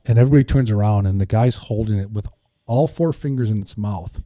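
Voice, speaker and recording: A man tells a fishing story on a podcast in a very dark, mellow voice, playing the people in it as he goes. The sound is dry and close. His pitch sits a little low. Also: fairly quick, no echo. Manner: animated storyteller acting out voices. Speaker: fishing guide.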